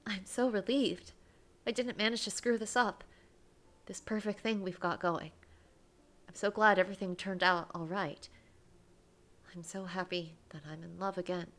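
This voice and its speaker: A woman's voice: mid-range voice, steady tone, normal speed, long pauses, a bit bright, voice pushed up, close to an everyday voice. A woman reading an emotional young heroine in love. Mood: heartfelt. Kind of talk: reading a visual novel aloud.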